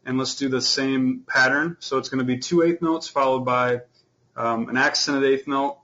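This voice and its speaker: A man teaching an online beginner fiddle class, explaining in a relaxed way with lots of fillers. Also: mid-range voice, normal speed, muffled recording.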